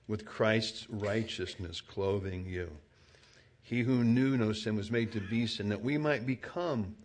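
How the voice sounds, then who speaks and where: A man preaching a sermon, telling an everyday story in a conversational way and rising to loud, emphatic exclamations. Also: lowish voice.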